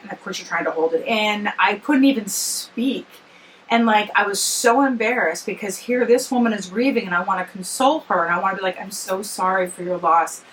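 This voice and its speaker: Tired woman in her 40s, vlogger, bright voice, rambling and chatty, faint noise behind. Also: mid-range voice, rough recording. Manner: rambling, self-correcting, chatty. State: tired after work, yawning. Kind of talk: casual personal storytelling to camera.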